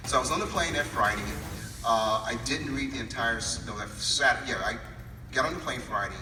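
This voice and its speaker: A man on a convention panel telling an animated story and acting out the calls and quotes in it. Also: mid-range voice, brisk. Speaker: panel guest actor. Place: large convention hall. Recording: roomy hall, far from mic, music behind.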